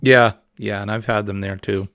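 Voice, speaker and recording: A man's voice: on the low side, steady tone, normal speed, gravelly, a bit bright, no room sound. A man with a New England accent hosting a casual, rambling morning livestream chat. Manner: chatty, rambling, easygoing. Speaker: livestream host.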